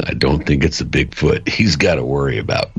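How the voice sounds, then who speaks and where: A man's voice: a bass voice, very animated, moderate pace, vocal fry, a crowd in the background. A man, a regular on a call-in podcast, giving rambling upbeat closing thoughts over a dull lo-fi line. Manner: rambling, upbeat sign-off, plugs memberships. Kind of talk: casual call-in podcast chat.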